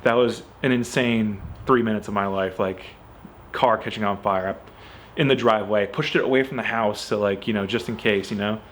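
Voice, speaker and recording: A man's voice: on the low side, moderate pace, a little hiss or hum. A man telling a story about his car in a casual, chatty way, peppering it with "like" and "you know" and acting out what people said. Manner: animated, acts out quoted dialogue. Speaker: car owner.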